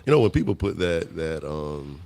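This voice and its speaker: A man in his twenties from Virginia, a radio guest speaking in an earnest, measured way. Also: extremely low pitch, sing-song, vocal fry, darkish tone, no room sound. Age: 20s. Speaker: guest, mayoral candidate. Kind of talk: interview talk.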